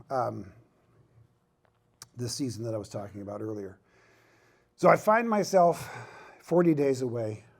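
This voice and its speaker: A middle-aged man speaking at a ministry conference, with a self-deprecating, joking manner and emphatic repetition. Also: medium pitch. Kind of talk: humorous conference talk.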